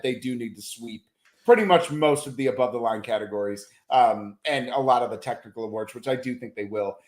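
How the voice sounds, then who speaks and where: Male film critic guest, mid-pitched, musing, stop-start delivery, recorded with a roomy echo. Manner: thoughtful, lots of ums and restarts. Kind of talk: casual awards-preview chat.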